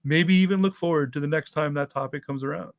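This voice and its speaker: A chatty man with a Canadian accent, his voice sitting a little high for a man. He rambles casually through an online panel chat, hedging with plenty of ums and likes. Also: quick pace, vocal fry. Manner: chatty, loose, lots of fillers and hedging.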